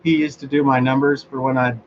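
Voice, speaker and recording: A man's voice: mid-range voice, flat delivery, brisk. A man hosting a casual talk show, speaking sarcastically, swearing freely and laughing often. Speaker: host of a motorized bicycle talk show. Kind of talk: casual solo chat. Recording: dull lo-fi sound with faint background noise.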